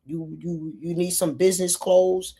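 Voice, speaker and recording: A woman from New York hosting a casual live stream, talking straight to her viewers in a lively way. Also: fairly low pitch, a little slow, husky. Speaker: livestream host. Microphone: phone or computer mic.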